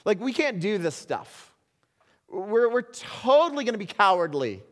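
Earnest pastor preaching in a reverberant hall. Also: male voice, high voice, sing-song, unhurried, pauses often. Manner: earnest, swings between soft confiding and loud exhortation. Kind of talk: sermon.

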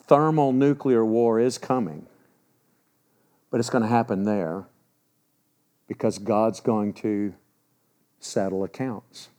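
A man in his sixties preaching a sermon, emphatic, swinging between loud urgency and low, grave warnings. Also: steady tone, slow, long pauses. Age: 60s.

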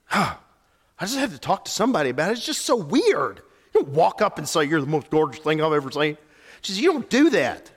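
A man preaching a sermon as pastor, telling stories and moving between hushed lines and animated ones. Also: on the high side, brisk, breathy edge. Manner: storytelling, swings from hushed to animated. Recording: long hall reverb.

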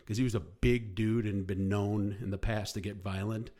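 A man's voice: on the low side, moderate pace. A man telling a rambling funny story in casual chat, laughing and acting out quotes. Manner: animated, laughing, acts out quotes. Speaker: podcast guest.

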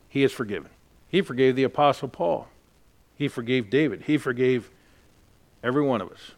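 A man's voice: mid-range voice, a little fast. A man preaching a sermon as a pastor, earnest and emphatic as he tells a personal story.

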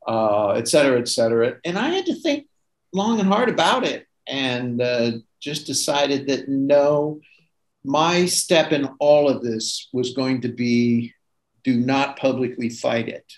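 A man's voice: mid-range voice, low-quality recording. An older man, a former magazine editor and magician, telling chatty anecdotes in a casual interview and laughing often.

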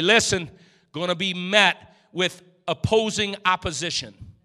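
High, sharp-toned fervent preacher man. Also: long reverb tail. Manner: fervent, exhorting, calls out to the congregation. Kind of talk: energetic sermon. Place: church.

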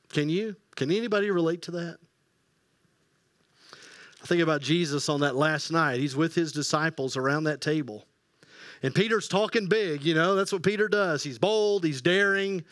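A man preaching a sermon as pastor, telling the story with lively acted-out quotes and hushed quiet passages. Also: a little high, dry recording, studio quality. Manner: animated storytelling, acting out quoted voices, dropping to hushed tones.

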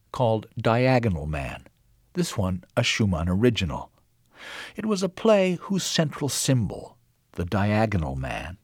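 Man narrating a documentary, lowish voice that swings up and down a lot, dry close sound. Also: breathy edge, no echo. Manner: measured, expressive reading with wide pitch swings.

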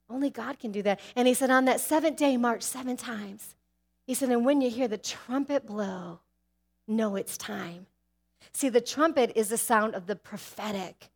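A woman preaching a sermon with emphatic, rising exhortations. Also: a little high.

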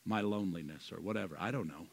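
A man preaching as pastor of a church, swinging from loud emphatic lines to soft quiet asides. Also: low voice, fast talker, gravelly. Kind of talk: sermon.

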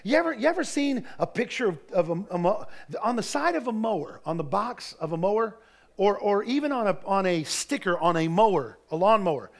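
Pastor, middle-aged man, very high gravelly voice, jokey anecdotes rising to shouting. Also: expressive, a little fast. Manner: folksy joking storytelling that builds to shouted preaching. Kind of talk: sermon. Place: church.

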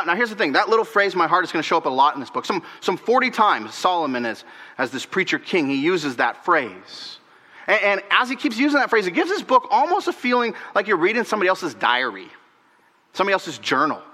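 His words echo with a long reverb tail as the male pastor preaches with animation, repeating phrases and dropping from emphatic highs into hushed near-whispers.

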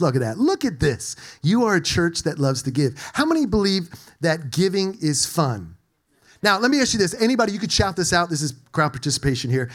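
Animated high-voiced male pastor. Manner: animated, playful, engages the congregation. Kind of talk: sermon. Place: church sanctuary with congregation.

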